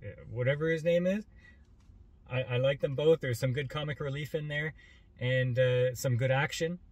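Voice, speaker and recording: A man co-hosting a movie review chat, speaking in a laid-back, halting way with many restarts. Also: medium pitch, steady tone, dry recording.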